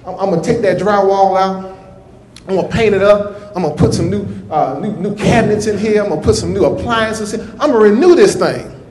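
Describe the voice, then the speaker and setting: God speaks as a confident renovator who lays out his plans one by one, as a preacher acts him out. The voice sits high and echoes through the church. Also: a little fast, natural voice. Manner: steady, declaring plans.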